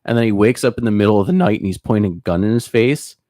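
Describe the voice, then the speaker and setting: Young guy telling a story on a podcast, does silly high voices for people, dry mic. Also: fast, dry recording. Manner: animated storyteller, acts out quotes in high voices, laughs often. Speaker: podcast co-host. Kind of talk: casual chat.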